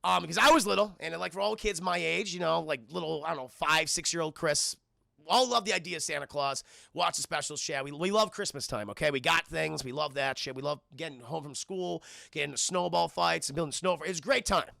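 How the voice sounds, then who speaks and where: A young adult man, a streamer host, telling stories in an animated and profane way to his chat during a casual film review. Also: on the high side, fairly quick, vocal fry, no echo, clean studio sound.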